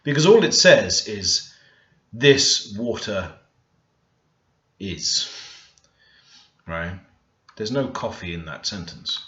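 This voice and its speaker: Man, low-pitched, deliberate tutor who thinks aloud, dull roomy home recording. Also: animated, a bit bright. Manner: unhurried, thinking aloud while typing. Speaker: language learner teaching Korean. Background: keyboard typing and clicks.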